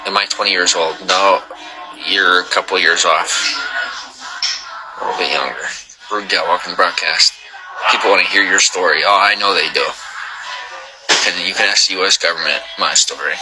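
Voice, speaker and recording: A man's voice: low-pitched, rough recording. A man hosting a livestream, chatting casually with viewers and rambling with joking asides. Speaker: livestream host.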